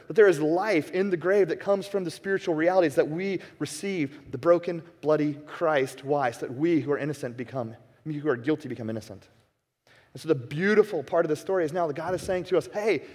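A man preaching a sermon as a pastor, passionate, dropping to a hush and then rising to emphatic peaks. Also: a little high. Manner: impassioned, swings from hushed to emphatic. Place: church sanctuary. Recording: long reverb of a church hall.

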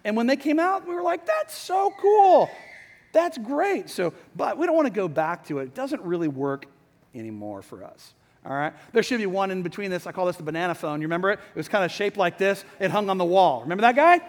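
A middle-aged man preaching a sermon to a hall audience, chatty and lively, often asking the crowd questions. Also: high-pitched, quick pace. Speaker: pastor. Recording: long hall reverb.

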